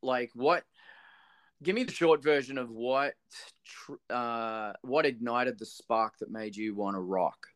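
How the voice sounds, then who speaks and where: A man's voice: mid-range voice, a little slow, a bit bright, dry recording. A man hosting a casual music interview, enthusiastic and effusive with lots of praise. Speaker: interviewer host.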